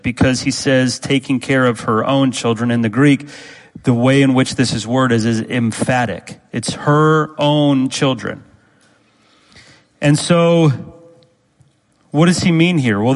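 A man preaching a sermon as pastor, speaking deliberately and repeating key phrases for emphasis. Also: mid-range voice, in a large hall, poor audio.

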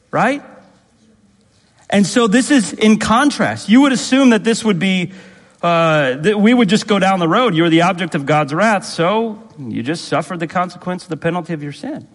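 A man's voice: high voice, lively intonation, moderate pace. A man preaching a sermon as pastor, emphatic and repetitive, asking the congregation rhetorical questions. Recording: long reverb in a hall.

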